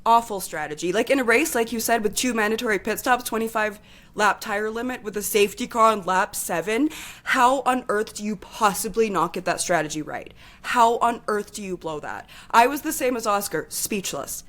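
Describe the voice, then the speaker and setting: A woman's voice: medium pitch, lively intonation, moderate pace, fairly bright tone. A woman co-hosting a podcast in casual chat, talking with heated, impassioned energy and swearing freely. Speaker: podcast co-host.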